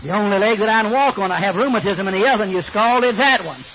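A man's voice: high-pitched, quick pace, lightly acted. A man voicing a short-tempered, grouchy old husband who screams and rants. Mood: furious. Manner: screaming, ranting. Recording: slightly muffled recording with faint hiss.

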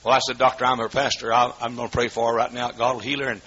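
A man preaching a sermon as pastor in a church, swinging between shouted fervor and hushed storytelling. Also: mid-range voice, little pitch movement, fast talker, husky. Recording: dull lo-fi recording with faint noise.

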